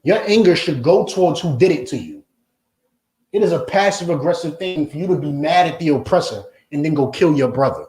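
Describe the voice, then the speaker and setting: A blunt, forceful man preaching a confrontational lesson, and he keeps hammering his points home with repeated questions. His voice sits fairly high for a man. It rings around a reverberant room. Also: expressive, brisk. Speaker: Hebrew Israelite teacher.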